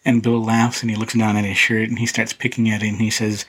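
A man hosting a podcast, casually talking through a film in a relaxed, rambling way with many fillers and restarts. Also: lowish voice, fast talker, few pauses, breathy edge, low-quality recording. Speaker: podcast host reviewing a film. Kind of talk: casual solo film commentary.

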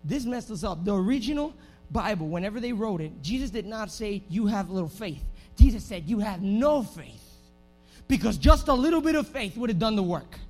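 A young male pastor with a very high voice preaches a sermon in a church. He swings from quiet, confiding talk to full shouts, acting out little scenes as he goes. Soft music plays underneath. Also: moderate pace. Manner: animated, swings from hushed to shouting, acts out scenes.

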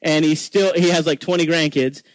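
A Texan man in his forties preaches in a loose, chatty way, often restarting his sentences and poking fun at himself. His voice sits a little high for a man. The sound is close and dry, with almost no room echo. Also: fairly even intonation, moderate pace. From Texas. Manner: chatty, self-deprecating, many restarts. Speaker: guest preacher. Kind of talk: informal sermon.

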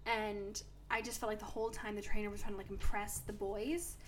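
A woman's voice: mid-range voice, flat delivery, fairly quick, a little hiss or hum. A young woman co-hosting a podcast, chatting casually and telling stories with lots of "like" fillers. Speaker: podcast co-host. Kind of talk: casual chat.

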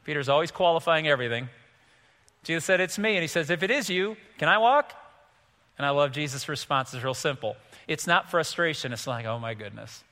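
A middle-aged man pastor preaching a sermon, animated, acting out quotes with sudden swings from soft to loud. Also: fairly high pitch, fast talker, in a large hall. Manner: animated, acts out quotes with big swings in loudness.

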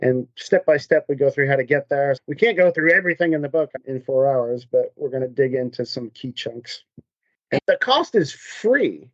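A man guest on a business podcast, telling stories in an animated, conversational way and acting out what people said. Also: mid-range voice, normal speed, no echo, lo-fi sound. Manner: animated storyteller, acts out quotes. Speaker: podcast guest, MSP consultant. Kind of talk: conversational interview storytelling.

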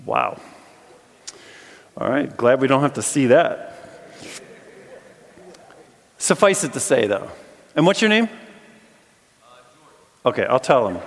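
A man preaching a storytelling sermon to a live audience, talking in a casual way full of restarts and turning animated when the story gets exciting. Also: mid-range voice, unhurried, vocal fry, pauses often. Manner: animated, bursts of excitement when telling stories; conversational, with many fillers and restarts. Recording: long reverb from a large hall.

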